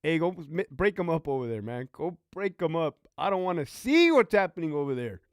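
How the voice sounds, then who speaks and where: A man's voice: fairly high pitch, big pitch swings, moderate pace, smooth, dry recording, clean studio sound. A man hosting a casual livestream, talking profanely and reading out viewer comments. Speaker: livestream host, former prison officer.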